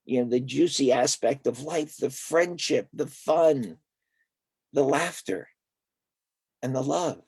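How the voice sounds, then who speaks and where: A man's voice: mid-range voice, takes it slowly, pauses often, slightly rough, no echo. An older man, a therapist, telling stories in a conversational interview and acting out the dialogue of the people in them. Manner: animated storyteller who acts out quoted dialogue.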